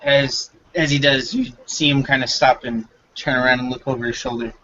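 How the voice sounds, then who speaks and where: A man's voice: medium pitch, steady tone, normal speed, pushed and bright, highs cut off. A man running a tabletop game as game master, narrating loosely with lots of fillers.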